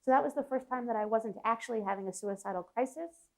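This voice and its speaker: A woman's voice: a little high, fast talker. A woman psychologist speaking as an interview guest, telling a personal story in an earnest, reflective way. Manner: earnest, reflective, with frequent restarts and laughs.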